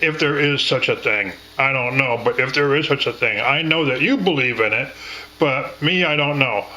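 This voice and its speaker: Slow, bright-voiced earnest man. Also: a little high, poor audio. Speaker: grieving father. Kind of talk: intimate spoken conversation.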